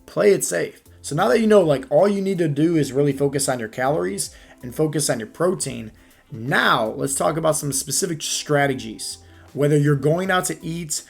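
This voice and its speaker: A man's voice: a little high, creaky. A man giving a fitness coaching talk as a podcast monologue, emphatic, often checking in with "right?" and "okay?".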